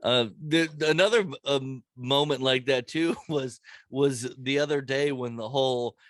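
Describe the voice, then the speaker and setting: A man's voice: mid-range voice, a little slow, dry recording, clean studio sound. A young man hosting a podcast, telling stories in casual chat, laughing often and swearing freely. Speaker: podcast host.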